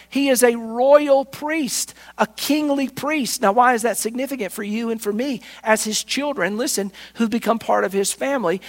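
Emphatic preaching man, stressing each point. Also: very high voice. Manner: emphatic, repeats "listen" to press points. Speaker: pastor. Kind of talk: sermon. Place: church sanctuary.

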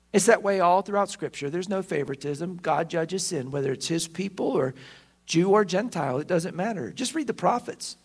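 High-voiced preacher. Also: male voice, moderate pace, slightly rough. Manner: animated storytelling, acting out the characters. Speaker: pastor. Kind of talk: sermon.

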